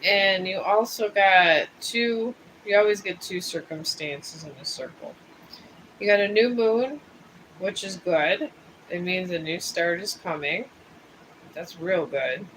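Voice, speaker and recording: A man's voice: high voice, slow pace, bright, forceful tone, slight background noise, low-quality recording. A man reading tarot cards on a livestream, chatting in a rambling, casual way and drifting from topic to topic. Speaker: tarot reader and livestream host. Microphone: streaming setup.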